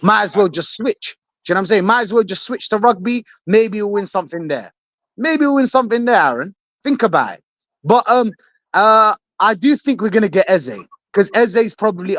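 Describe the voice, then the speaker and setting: A man joining a live chat show as a guest, animated and joking, full of shout-outs. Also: sits high, dry recording, dull audio. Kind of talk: casual live podcast chat.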